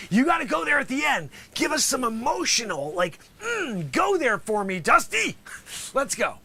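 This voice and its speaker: A man playing a lawyer in a comic courtroom sketch, theatrical and swinging between loud calls and whispers. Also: very high voice, big pitch swings, moderate pace.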